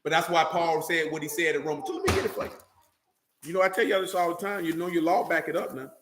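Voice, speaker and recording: High, bright-voiced preacher in an echoey room. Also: male voice, fairly even intonation. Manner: preaching to a congregation, reading scripture aloud slowly, rhetorical questions. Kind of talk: sermon. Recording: echoey room with faint noise.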